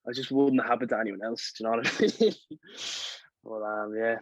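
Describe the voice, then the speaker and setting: A man's voice: medium pitch, steady tone, moderate pace, dry recording, low-quality recording. A young man from Ireland with a Dublin accent, a guest filmmaker chatting casually, rambling and often asking "you know what I mean". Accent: Dublin Irish. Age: young adult. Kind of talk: casual chat.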